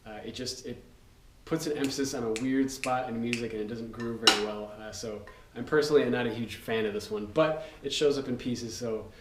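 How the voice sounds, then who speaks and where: In this casual instructional talk, a drum teacher with a mid-range voice speaks fairly quickly, going over rudiments loosely with fillers and counting out loud. A distant mic gives a roomy sound with heavy noise.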